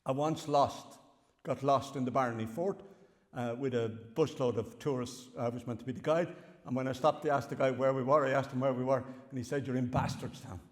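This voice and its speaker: Wry older Irish professor in a hall. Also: male voice, medium pitch, a little fast. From Ireland. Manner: wry, animated storytelling with chuckles. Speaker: retiring professor giving a farewell lecture. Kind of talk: public lecture with slides. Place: large lecture hall. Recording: long hall reverb.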